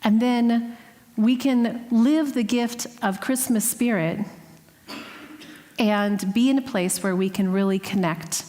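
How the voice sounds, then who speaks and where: Woman preaching, earnest and heartfelt, kinda hushed at times, big echoey sanctuary. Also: on the high side, slow pace. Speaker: guest speaker. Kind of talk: sermon with personal story. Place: spiritual center sanctuary. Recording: long hall reverb.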